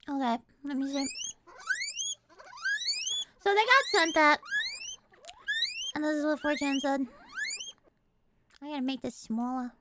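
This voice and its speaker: A young adult woman streaming and chatting casually, excitable and quick to swear. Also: sits high, heavy background noise. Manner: excitable and profane, swears freely. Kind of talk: casual livestream chat.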